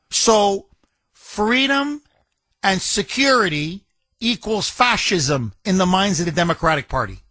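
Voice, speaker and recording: A man's voice: high voice, lively intonation, measured pace, bright, forceful tone, no echo. A man hosting a talk radio show, delivering a combative, emphatic and mocking monologue from a studio microphone.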